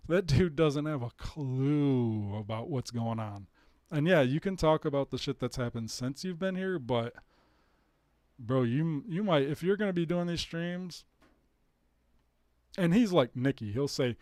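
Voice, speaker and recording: A man's voice: mid-range voice, lively intonation, a little slow, pauses often, darkish tone, no echo. Blunt, profane man ranting on stream. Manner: profane, blunt, laughing asides. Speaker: live streamer. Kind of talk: casual ranting live stream.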